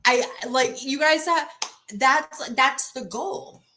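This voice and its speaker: A bright, forceful woman in her thirties talking straight to her livestream viewers. She speaks bluntly and swears freely. She often restarts a sentence mid-thought before driving her point home. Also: high-pitched, slow, a little hiss or hum, low-quality recording. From Boston area. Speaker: livestream host. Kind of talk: casual livestream chat reading comments.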